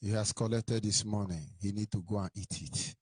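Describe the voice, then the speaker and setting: A man's voice: lowish voice, steady tone, normal speed, husky, dry recording. A man hosting a radio call-in show, making brief, indignant interjections. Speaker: radio host.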